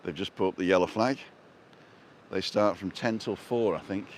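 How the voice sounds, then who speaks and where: A man's voice: low voice, normal speed, a little hiss or hum. A middle-aged man with a Manchester accent, chatting casually and rambling through asides while filming on a seaside walkway. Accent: Manchester English. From North West England. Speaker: vlogger. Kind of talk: casual walking vlog.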